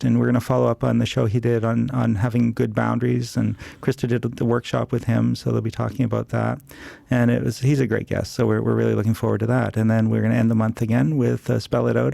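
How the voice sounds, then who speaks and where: Man producer, very gravelly, hoarse from losing his voice, mellow and dry. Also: medium pitch, no room sound. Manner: chatty, loose, lots of fillers. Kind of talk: casual show announcements.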